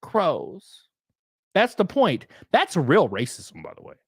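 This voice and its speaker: Animated, blunt male livestream host. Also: fairly high pitch, normal speed, husky, no room sound, studio quality. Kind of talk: casual livestream chat and rant.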